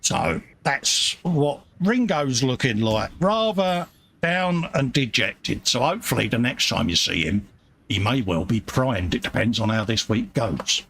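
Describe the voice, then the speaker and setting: A British man hosting a relaxed live stream, chatting casually and calling everyone mate. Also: mid-range voice, measured pace, creaky, a little hiss or hum. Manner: chatty, calls people mate. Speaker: host of live modelling stream. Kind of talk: casual chat.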